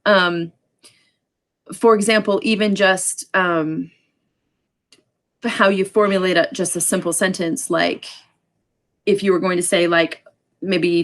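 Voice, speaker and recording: A woman with a somewhat low voice leads a relaxed sign language class. She explains things loosely, filling pauses with ums and adding quick asides as she goes. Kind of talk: casual online class lecture.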